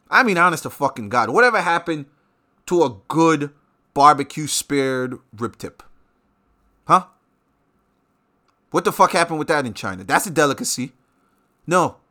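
A man hosting his own show, delivering a profane, animated rant with sudden loud outbursts. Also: mid-range voice. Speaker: show host. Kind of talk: ranting monologue.

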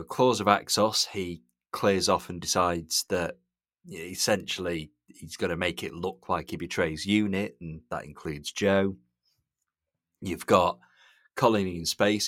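A man co-hosting a podcast, talking in a relaxed, chatty way. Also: low voice, no echo, clean studio sound. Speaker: podcast co-host. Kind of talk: casual podcast discussion.

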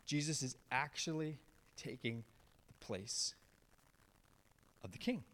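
Male pastor, mid-pitched voice, sermon delivery that swings between emphatic highs and hushed lows. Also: slow pace. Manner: animated storyteller, swings from raised emphatic lines to low hushed ones.

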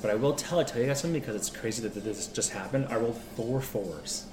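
A man narrating a tabletop game as game master, rambling and animated, with many restarts. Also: mid-range voice, fast talker. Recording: roomy echo with music behind.

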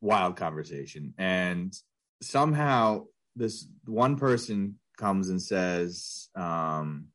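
A man's voice: low voice, lively intonation, slow, a bit bright. A man in his thirties co-hosting a casual podcast, rambling with lots of filler words. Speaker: podcast co-host. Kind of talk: casual chat.

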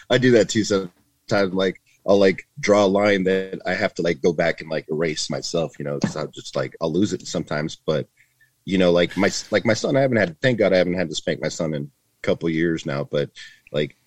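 A middle-aged man speaks low in his register, earnestly and loosely, circling back and restarting his sentences. He is a retired border patrol agent in a casual interview. The sound is dry and close, with no room echo. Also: moderate pace. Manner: earnest, rambling with many restarts and fillers.

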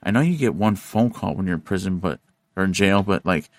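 A man hosting a podcast, telling a story in casual chat, animated and profane, acting out the voices of the people in it. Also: sits low, fairly quick, no room sound. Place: studio.

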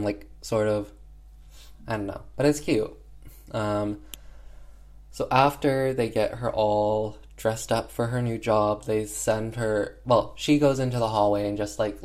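A man's voice: lowish voice, darkish tone. A man casually retelling an old film's plot in a slangy, chatty way, full of "um" and "like", offhandedly voicing the characters. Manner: chatty, filler-heavy with frequent "um" and "like". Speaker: film reviewer. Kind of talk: casual film recap.

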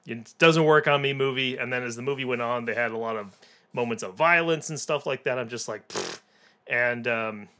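A man from the Netherlands, co-hosting a film podcast in loose casual chat, blunt and quick to laugh. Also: medium pitch, sharp tone. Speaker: podcast co-host.

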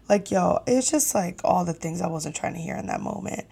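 A young woman hosting a podcast, telling a story casually with lively, profane, exasperated energy. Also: on the low side, brisk, creaky, few pauses, husky. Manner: animated, profane, exasperated retelling. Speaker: podcast host.

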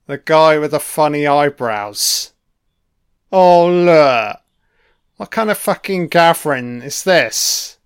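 Slow, smooth-voiced swearing film commentator. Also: male voice, on the high side, animated. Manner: laid-back, profane running remarks. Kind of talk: casual audio commentary over a film.

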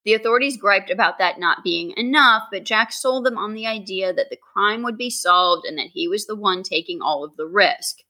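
Bright woman co-host reading true crime. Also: medium pitch, moderate pace, few pauses, low-quality recording. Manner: reads from a script, steady narration. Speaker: podcast co-host. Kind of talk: scripted true-crime narration.

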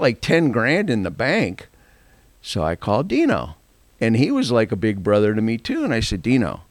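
An older man tells a rambling story, laughing as he goes. His voice is gravelly and he acts out each person he quotes. The sound is dry and close, with no room echo. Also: on the low side. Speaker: guest telling a story. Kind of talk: casual storytelling.

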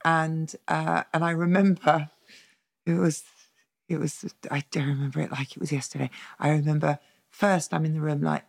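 A middle-aged woman tells her story in an interview, speaking bluntly, swearing freely and laughing often. Her voice has a gravelly, creaky edge, and she slips into the voices of the people she quotes. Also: sits low, fairly even intonation, normal speed. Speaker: therapist, interview guest. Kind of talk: candid storytelling in a conversational interview.

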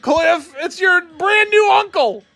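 A man putting on the voice of a guy who can only talk in a strained, high-pitched yell since he was struck by lightning. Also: animated, slow pace, vocal fry, faint music behind, heavily acted. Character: man stuck talking at a shout after a lightning strike. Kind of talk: comic bit on a solo podcast.

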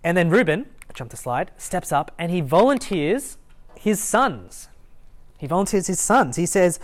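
In a lecture room at a student meeting, a young adult student ministry Bible teacher gives a casual Bible talk with a mid-range, sing-song voice. The pace is unhurried, and the conversational delivery is sprinkled with fillers, restarts and light chuckles.

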